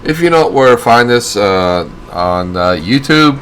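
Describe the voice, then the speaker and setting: A man co-hosting a live stream, wrapping up the show in a halting way with many fillers. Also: mid-range voice, lively intonation, fairly bright tone, a little hiss or hum. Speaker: co-host. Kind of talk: show sign-off.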